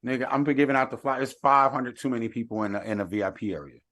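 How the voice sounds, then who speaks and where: A man's voice: medium pitch, fast, a bit bright, no room sound. A man telling a story as a podcast guest in casual chat, laid-back.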